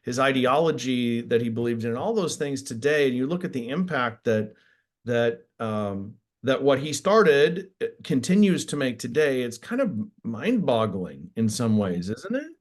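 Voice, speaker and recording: A man hosting a casual interview, enthusiastic and quick to react, with many restarts and fillers. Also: medium pitch, lively intonation. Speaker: interviewer host.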